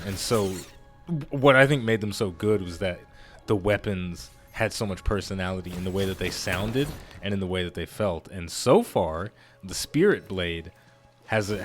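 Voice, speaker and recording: A man with a fairly low voice talks casually through a video game playthrough. He rambles, laughs often and pokes fun at himself. Quiet game music runs underneath. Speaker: gaming YouTuber. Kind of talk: casual let's-play commentary.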